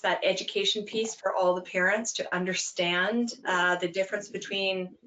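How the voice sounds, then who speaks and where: A woman's voice: on the low side, fairly bright tone. Earnest woman explaining on a webinar. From Canada. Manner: earnest and emphatic, explaining with quick examples. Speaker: webinar speaker, anti-bullying program founder. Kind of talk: webinar talk.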